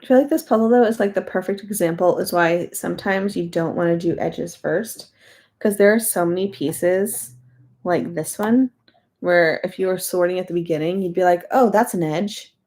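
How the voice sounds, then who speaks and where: A woman's voice: lowish voice, moderate pace, a little mellow. A young adult woman chatting casually while she works on a jigsaw puzzle, amused, and now and then talking to the pieces. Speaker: puzzle video host.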